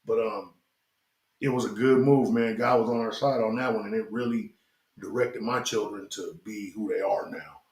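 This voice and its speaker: A man's voice: fairly low pitch, steady tone, moderate pace, darkish tone. A middle-aged man, a guest rapper, telling rambling, profane stories from his life in a casual interview chat. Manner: loose, profane, rambling storyteller. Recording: roomy echoing studio.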